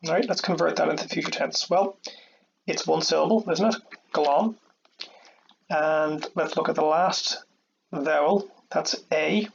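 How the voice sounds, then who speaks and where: A man's voice: on the high side, a little slow, vocal fry, long pauses, muffled recording, slight background noise. A man teaching an Irish grammar lesson step by step, patient and checking in with "okay" and "all right" often.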